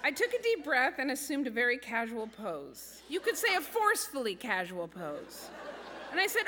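A woman tells a comic tale from her own life, her voice pitched high and bouncing through a wide range. She is wry and self-mocking, and the sound rings out in a reverberant hall with a clear hum of background noise. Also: big pitch swings, normal speed. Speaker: storyteller. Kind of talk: live comic personal storytelling.

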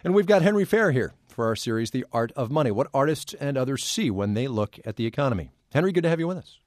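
A man's voice: medium pitch, expressive, fast talker, darkish tone, no room sound, clean studio sound. A male radio host introducing and interviewing a guest in a conversational way, with a few restarts when he asks questions.

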